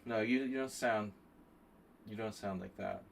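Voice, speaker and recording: A man streaming chess, chatting casually and thinking out loud with joking asides to his viewers. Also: on the low side, unhurried, vocal fry, slight background noise. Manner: chatty, thinking aloud, jokey asides to chat. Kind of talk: casual live-stream commentary.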